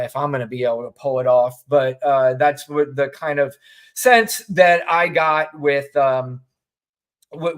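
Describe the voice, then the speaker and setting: A man co-hosting a podcast, talking through politics in loose, rambling commentary. His tone is wry, and he swears freely. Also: mid-range voice. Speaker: podcast co-host.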